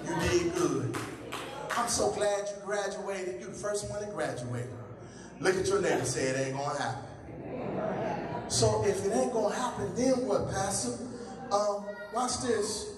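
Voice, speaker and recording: A male pastor with a strikingly high voice preaches in a fervent call-and-response style. He sounds distant from the mic, his words ringing through a long-echoing hall. The congregation can be clearly heard behind him. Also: unhurried, a crowd in the background. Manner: impassioned call-and-response preaching, rising to shouts. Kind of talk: sermon. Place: church sanctuary. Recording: echoey hall from far off, congregation audible.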